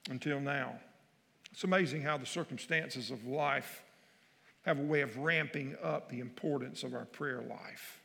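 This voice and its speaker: A man's voice: medium pitch, a little slow, creaky, pushed and bright, big-room sound. A male pastor preaching a sermon and reading scripture, his voice swelling with emphasis on key phrases.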